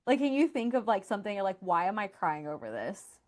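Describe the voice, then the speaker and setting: A woman's voice: mid-range voice, sing-song, fairly quick. A woman hosting a podcast, telling candid stories in casual chat, full of "like" fillers. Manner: candid, storytelling, frequent "like" fillers. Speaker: podcast host.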